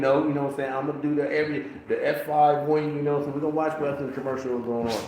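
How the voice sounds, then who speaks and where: Mid-pitched man telling family stories, echoey. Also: quick pace, few pauses, mellow, a little hiss or hum. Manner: storytelling, squeaks high when mimicking and laughing. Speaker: podcast co-host. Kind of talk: casual chat. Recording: very echoey room with faint ambience.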